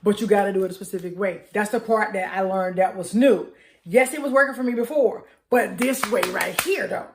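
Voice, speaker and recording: A woman's voice: mid-range voice, brisk, reverberant, background noise. A middle-aged woman coaching on mindset, talking casually and emphatically, with a hyper energy and affirmations repeated with growing force. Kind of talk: casual motivational talk.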